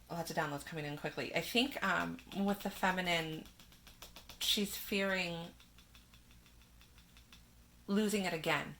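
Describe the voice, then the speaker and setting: A woman giving a spiritual tarot reading in a gentle manner, reading card verses aloud and laughing softly now and then. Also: fairly low pitch. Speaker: tarot reader.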